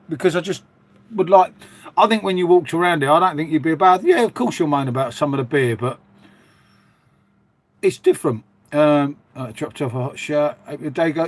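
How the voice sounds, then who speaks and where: Man, middle-aged, slightly high pitch, chatty, rambling, casual livestream. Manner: chatty, rambling, matey, reading out viewer comments. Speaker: livestream host. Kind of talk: casual live stream chat with viewers.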